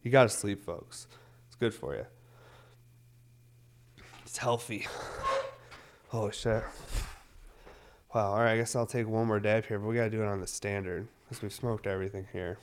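Guy in his 30s rambling on camera, lots of likes and swearing, lowish voice. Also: steady tone, moderate pace, pauses often, slight background noise. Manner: loose, rambling, heavy on fillers, swears often. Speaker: cannabis vlogger. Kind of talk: casual rambling monologue.

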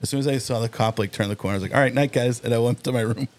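A man's voice: medium pitch, rapid-fire. A man in his forties, a firefighter and army veteran, telling a story on a podcast and acting out the dialogue as he goes. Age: 40s. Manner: animated storyteller who acts out quoted dialogue. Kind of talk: casual podcast chat, storytelling.

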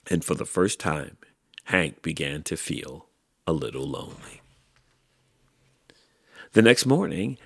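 A man with a deep, gravelly, husky voice reads a children's book aloud at an unhurried pace. His pitch swings widely as he tells the story. The recording is dry and close. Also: dry recording. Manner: slow, expressive storytelling. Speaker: podcast host.

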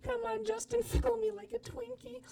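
A man using a voice changer app to play a crude, lewd woman with a pitched-up female voice. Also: mellow, slight background noise, full character voice. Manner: crude, breathy moaning role-play. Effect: voice changer making a female voice.

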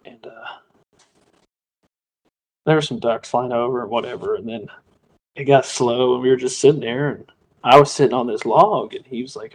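A man with a gravelly, husky voice hosts a casual podcast. He spins a story in loose, slangy talk, full of "like" and "dude.". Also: medium pitch, fairly quick, long pauses, rough recording. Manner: laid-back, slangy, says "like" and "dude" a lot. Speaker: podcast host.

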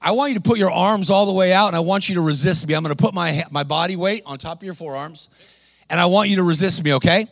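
A man preaching an energetic sermon, animated and exhorting, calling out to the congregation. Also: high voice, quick pace, gravelly, dry recording. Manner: animated, exhorting, calls to the crowd.

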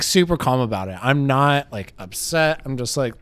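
Young guy from LA chatting on a podcast, rambly, laughs a lot, middle pitch. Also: lively intonation, normal speed, fairly bright tone, smooth, no room sound. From Los Angeles area. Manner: rambling storyteller, laughs often, restarts. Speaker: podcast co-host. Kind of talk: casual chat.

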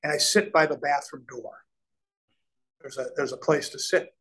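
A businessman from Nebraska with a higher voice appears as a guest in a conversational interview, telling stories at a normal speed. He works in real estate development and is an animated storyteller who acts out the voices he quotes and often restarts his sentences. The audio is poor.

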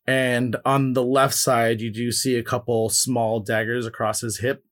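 A man's voice: medium pitch, little pitch movement, a little slow, a bit bright. A man playing a tabletop game, describing his character in a rambling, hesitant way. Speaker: player.

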